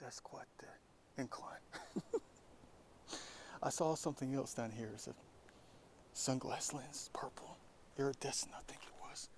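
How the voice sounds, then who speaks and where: A man's voice: mid-range voice, measured pace, creaky, long pauses. Man musing aloud, half-whispering outdoors. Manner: musing, often drops to a whisper. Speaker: vlogger. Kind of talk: casual outdoor vlog narration. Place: outdoors in woods. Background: insects and crickets.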